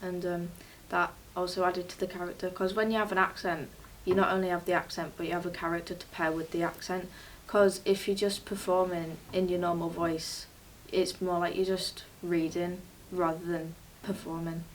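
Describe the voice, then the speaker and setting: A woman's voice: lowish voice, level tone, normal speed, hardly any pauses, far from the mic, a little hiss or hum. A woman drama student explaining her character choices in easygoing casual talk. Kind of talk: casual project discussion.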